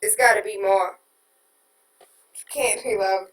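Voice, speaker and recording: A woman's voice: medium pitch, fairly even intonation, unhurried, pauses often. Exasperated woman host in a roomy space. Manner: exasperated, emphatic, swings from loud outrage to quiet disbelief. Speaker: radio show host reading listener comments. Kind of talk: casual political talk. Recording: roomy and distant from the mic.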